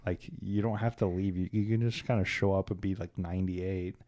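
A man from Kansas City with a lowish, mellow voice chats on a podcast. His delivery rambles, wry and irreverent. The sound is dry and close. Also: fairly even intonation, brisk, no echo. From Kansas City, USA. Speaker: podcast co-host. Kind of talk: casual podcast chat.

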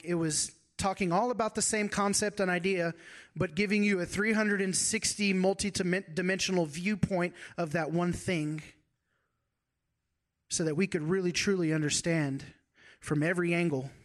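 A man preaches with earnest, heartfelt warmth, his voice sitting a little high. He often slows down and drops to a hushed, tender delivery as he moves into prayer. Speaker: pastor. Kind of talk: sermon.

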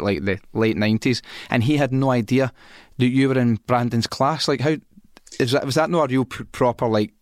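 Frank, chatty Scottish host. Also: male voice, mid-range voice, no echo, clean studio sound. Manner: frank and chatty, thinking aloud. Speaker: podcast host. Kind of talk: casual podcast chat.

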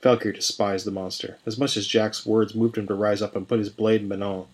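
A man narrating a scripted fantasy story in a measured, even reading. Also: fairly low pitch, husky. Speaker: podcast storyteller.

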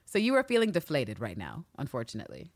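A woman co-hosting a podcast, recapping a TV episode in casual, animated chat and acting out quotes. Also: rumbling low, fast talker, no room sound. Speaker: podcast co-host.

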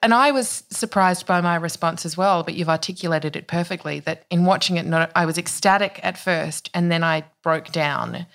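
A woman hosting a conversational interview, speaking reflectively and at a measured pace. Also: on the low side, gravelly, fairly bright tone.

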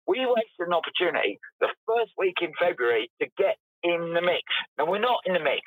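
Fired-up fan guy ranting after a loss, high lively voice, bit husky, dry sound. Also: fairly quick, no echo, phone-quality sound. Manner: animated, indignant, apologetic. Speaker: football fan caller. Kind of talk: emotional fan rant.

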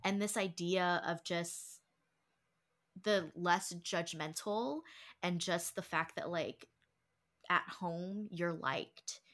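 A young woman chats about a book she loves, her voice bright and ringing and sitting a touch low. She laughs easily and reads passages aloud with feeling. The talk is loose and heartfelt. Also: slow. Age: young adult. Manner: emotional, warm-hearted, laughs often, reads quotes aloud. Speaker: book club podcast host. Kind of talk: casual chat.

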